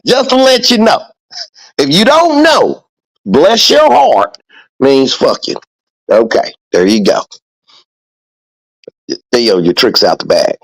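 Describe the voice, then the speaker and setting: Male podcast host, lively pitch swings, dry close-miked sound, profane and preachy. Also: dry recording, low-quality recording. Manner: profane, preachy, emphatic with repetition. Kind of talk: casual motivational podcast talk.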